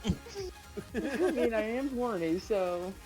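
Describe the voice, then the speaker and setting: Very slow-talking cheeky woman. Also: mid-range voice, over music, low-quality recording. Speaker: friend on voice chat.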